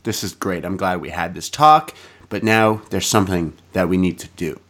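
Man doing a quiet, settled mom. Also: low-pitched, moderate pace, pitched below the performer's own voice. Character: calm middle-aged mother after a family talk.

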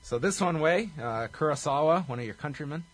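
A man's voice: fairly high pitch, lively intonation, a little fast, slight background noise. A man co-hosting a casual podcast, recapping a wrestling show with a wry, chuckling delivery. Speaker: podcast co-host.

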